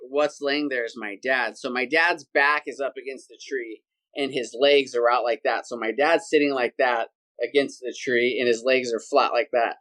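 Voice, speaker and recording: This is a man of ordinary pitch, a guest on a podcast. He tells his story in a casual, lively way, acting out sounds and other people's voices as he goes. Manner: animated, acts out sounds and voices.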